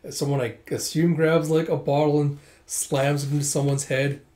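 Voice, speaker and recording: Brief: casual male comic reader, a bit high-pitched, chatty asides between panels. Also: level tone, moderate pace, dark tone. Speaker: manga reader.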